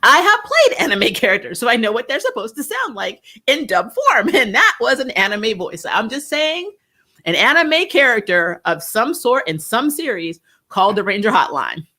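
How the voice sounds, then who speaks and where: A young adult woman giving a casual review, animated and laughing often as she mimics voices. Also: on the high side, normal speed. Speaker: show reviewer.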